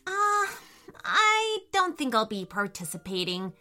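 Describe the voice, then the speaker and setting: A woman's voice: on the high side, sing-song, measured pace, bright, forceful tone, soft background music, heavily acted. A woman voicing a shy, sad little girl who speaks hesitantly, for a storybook reading.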